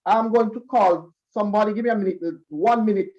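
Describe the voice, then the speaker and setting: A man with a Jamaican accent, emceeing a school concert and speaking to students as a lively storyteller who acts out the voices he quotes. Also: sits high, quick pace, lo-fi sound.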